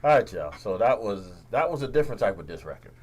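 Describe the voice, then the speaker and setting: A man's voice: on the low side, very animated, fast, a little mellow. A man hosting a radio talk show, chatting in a laid-back, rambling way with frequent restarts. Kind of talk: casual chat.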